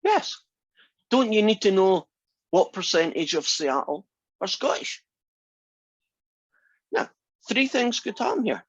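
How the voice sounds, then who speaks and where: Questioning math teacher lecturing a class. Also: male voice, high-pitched, big pitch swings, takes it slowly, pauses often, breathy edge, dry recording, lo-fi sound. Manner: asks the class many rhetorical questions. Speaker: math instructor.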